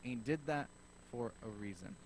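A man preaching a sermon as pastor, telling a story in a lively way and acting out both sides of the conversation. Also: mid-range voice, normal speed, slight background noise, rough recording. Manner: animated storyteller acting out dialogue.

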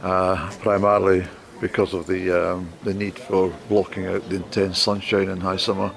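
A man's voice: low-pitched, level tone, moderate pace, gravelly. A man chatting in a rambling way as he narrates a walk through narrow town streets on a handheld camera. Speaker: travel vlogger. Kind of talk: walking travel narration. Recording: street noise and passing traffic.

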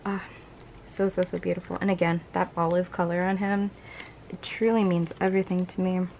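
A woman vlogger gushing through an unboxing, excitable and often dropping to a whisper. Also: lowish voice, brisk, dull audio, a little hiss or hum. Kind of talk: casual unboxing commentary.

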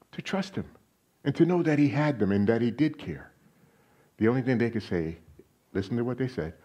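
A man preaching a sermon as a guest speaker in a church, animated, asking the congregation questions and raising his voice on quoted lines. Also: mid-range voice, husky. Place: church sanctuary.

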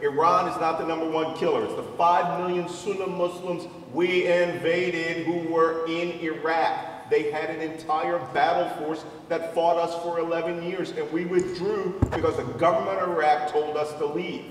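A man's voice: on the high side, flat delivery, moderate pace, hardly any pauses, a little hiss or hum. Blunt veteran man, distant and echoey. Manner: blunt and combative. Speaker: panelist, military veteran. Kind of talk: heated panel debate. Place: large event hall with audience. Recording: distant mic in echoey hall with crowd.

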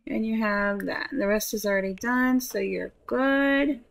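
A woman's voice: fairly high pitch, a little slow, vocal fry. A woman giving casual gameplay commentary, chatting to her characters and swearing offhandedly. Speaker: gameplay streamer.

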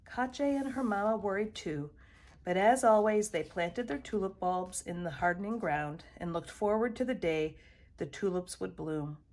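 A woman reading a children's picture book aloud in a measured storytelling voice. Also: mid-range voice, a little mellow. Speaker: storybook reader.

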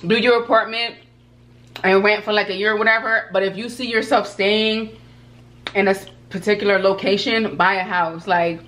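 A woman's voice: medium pitch, steady tone, moderate pace, fairly bright tone. Emphatic woman giving big-sister advice. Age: older than 22. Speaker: food vlog host. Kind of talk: casual mukbang chat.

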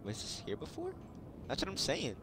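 Excitable man doing game commentary. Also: a little high, moderate pace, heavy background noise. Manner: excitable, jokey and swearing, laughs often. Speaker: gaming video host. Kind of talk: casual let's-play commentary.

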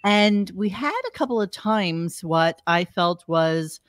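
A podcast host chatting casually, rambling and halting with fillers and restarts. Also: mid-range voice, dry recording, studio quality. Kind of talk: casual chat.

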